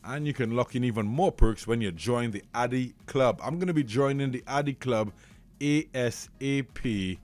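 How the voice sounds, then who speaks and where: A man with a Trinidadian accent, hosting a radio show with casual chat and live ad reads, animated and excitable. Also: medium pitch, a little fast, few pauses. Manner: animated, excitable, slips into dialect rants. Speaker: radio host.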